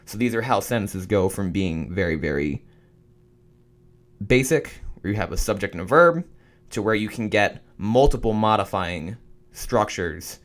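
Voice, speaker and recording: A young man reading study notes aloud for a writing course, stumbling now and then and restarting. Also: on the low side. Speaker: student making a study guide.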